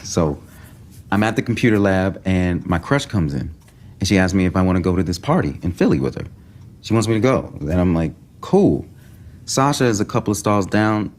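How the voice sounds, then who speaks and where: A man's voice: deep voice, moderate pace. An actor playing a young man casually recounting a college story in TV series dialogue, often checking in with "right?". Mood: casual, storytelling. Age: young adult. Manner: relaxed storytelling, seeks agreement with "right?".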